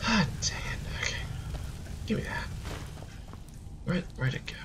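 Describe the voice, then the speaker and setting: A man's voice: measured pace, noisy background. A man giving goofy, rambling let's play commentary with sudden outbursts while he plays. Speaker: gameplay commentator.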